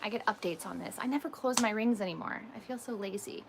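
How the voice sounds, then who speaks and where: A woman's voice: mid-range voice, fast talker, creaky, noisy background. A woman vlogger and mother chatting casually on a livestream, telling stories with frequent laughs and many ums.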